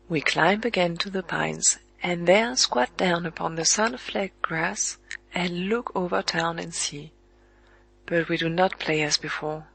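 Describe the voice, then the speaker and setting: An audiobook narrator reading a literary story in a measured, evenly paced way with pauses at the commas. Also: mid-range voice, vocal fry, a bit bright, no room sound, poor audio.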